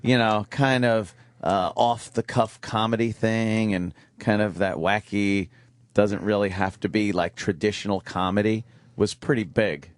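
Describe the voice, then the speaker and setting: A man's voice: on the low side, fairly even intonation, a little slow, no echo. Easygoing man co-hosting a radio show. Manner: easygoing, explaining. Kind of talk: casual radio banter. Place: radio studio.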